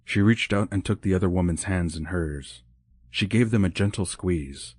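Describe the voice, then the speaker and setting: A man narrating an audiobook with measured, even storytelling. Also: sits low, dry recording, clean studio sound. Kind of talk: scripted narration.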